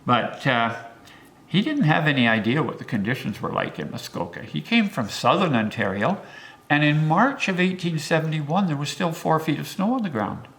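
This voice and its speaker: An older local historian tells pioneer history as a lively storyteller. His voice sits a bit high and leaps up for emphasis. He talks plainly and warmly to a small audience. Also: normal speed, vocal fry.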